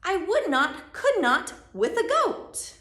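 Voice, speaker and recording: A woman voicing a stubborn, defiant man who refuses loudly and emphatically during a storybook reading. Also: high-pitched, very animated, a little slow, heavily acted. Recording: echoey room, distant mic.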